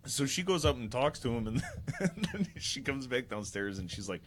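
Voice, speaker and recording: A man's voice: medium pitch, expressive, normal speed, fairly bright tone, slight background noise. A young man chatting with friends on a podcast, telling a meandering story and laughing along the way. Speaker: podcast co-host. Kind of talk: casual chat among friends.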